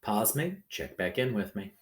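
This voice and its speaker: A man teaching a recorded phonics lesson to children, talking in a slow, sing-song way and checking in often with the listener. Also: on the low side, big pitch swings. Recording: echoey room.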